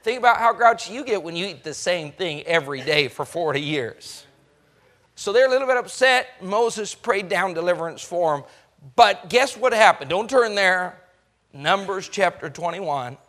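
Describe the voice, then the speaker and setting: A man preaching a sermon, telling stories folksy and emphatic, acting out the voices and rising to shouts. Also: sits high, expressive, moderate pace. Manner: folksy storytelling with acted-out voices. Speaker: pastor.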